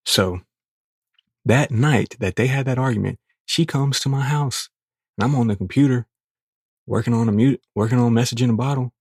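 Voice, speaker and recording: A young man, hosting a podcast and telling a crude, profane story in a casual, animated way. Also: medium pitch, normal speed, gravelly, breathy edge, no echo, studio quality. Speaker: podcast host.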